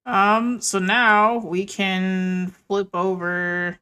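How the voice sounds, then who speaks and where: A woman's voice: medium pitch, flat delivery, extremely slow, pushed and bright, smooth. A woman running a tabletop game for her friends, easygoing and chatty. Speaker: game master.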